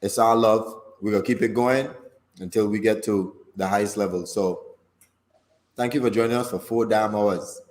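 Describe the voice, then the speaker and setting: A man, co-hosting a casual live-streamed talk show in a relaxed, joking way. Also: lowish voice, normal speed, slight background noise. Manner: laid-back, joking, sign-off speech. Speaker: podcast co-host.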